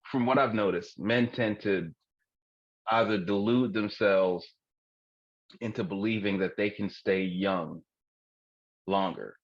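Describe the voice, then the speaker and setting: Slow and lowish in pitch, pausing often, a man in his forties co-hosts a podcast with no room sound. He keeps the comedy candid and profane, frequently laughing at his own jokes. The recording is dull, dry and lo-fi.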